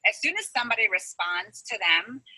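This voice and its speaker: A fast, chatty woman coaching over a call, her voice bright and a little husky. She keeps acting out bits of conversation as she goes. The sound is dry and thin, like a phone line. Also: mid-range voice, very animated, no room sound. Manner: chatty, quotes conversations in rapid bursts. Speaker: business coach. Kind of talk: casual call advice.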